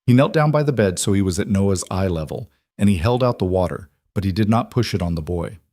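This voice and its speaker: Low-voiced male story narrator. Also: animated, a little fast, a little mellow, no room sound.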